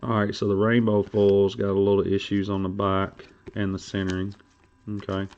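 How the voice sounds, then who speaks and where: A man's voice: fairly low pitch, completely flat delivery, moderate pace, darkish tone, highs cut off. A man hosting a trading card stream, rambling and joking crudely in casual chat.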